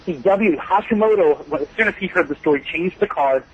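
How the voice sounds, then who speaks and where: Man, wrestling interview guest, rambling storyteller, laughs a lot, somewhat high pitch, muffled lo-fi radio sound. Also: expressive, brisk, slight background noise. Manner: rambling, laughs often while telling stories.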